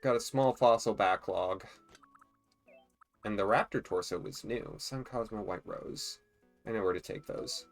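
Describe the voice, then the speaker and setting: A let's play host chatting casually and joking while playing a life-sim game, thinking out loud. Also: medium pitch, unhurried, faint music behind. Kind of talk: casual gameplay commentary.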